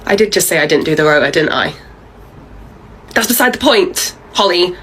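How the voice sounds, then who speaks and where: A woman's voice: lowish voice, expressive, normal speed, a bit bright, slight background noise, poor audio. A woman voicing a bossy, pushy female manager who dodges blame and leans on her staff. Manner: pushy, wheedling, dodging blame.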